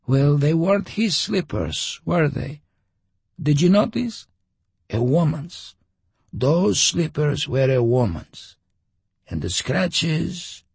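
A man voicing Homer, a raised, hushed old hand. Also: fairly high pitch, very animated, slow, gravelly, breathy edge, no echo, voice pushed up, exaggerated voice. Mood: hushed uneasy. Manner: hushed, conspiratorial, musing. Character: wary, talkative male veteran traveler.

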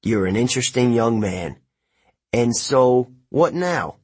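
A man playing a calm, overworked courier who talks in an easygoing, slightly weary way. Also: medium pitch, takes it slowly, husky. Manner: relaxed and easygoing, a little weary.

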